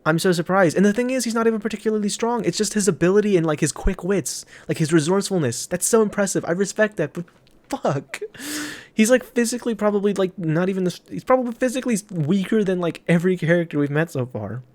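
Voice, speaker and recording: A young man in casual reaction commentary, excitable and swearing a lot, with many fillers. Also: high-pitched, fast talker. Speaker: manga reaction host.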